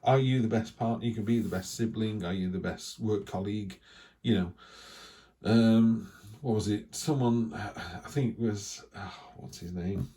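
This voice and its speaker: Chatty man with a lowish voice. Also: unhurried, warm tone, breathy edge. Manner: rambling and chatty, with frequent restarts and asides. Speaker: tarot reader. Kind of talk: casual weekly tarot reading.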